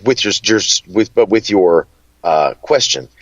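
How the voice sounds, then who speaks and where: A chatty, flamboyant man from Kentucky with a Southern twang and a low voice. He rambles through stories in an easy, casual way. The sound is dull and dry, with no room echo. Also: expressive, unhurried. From Kentucky, USA. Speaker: guest. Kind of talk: casual interview chat.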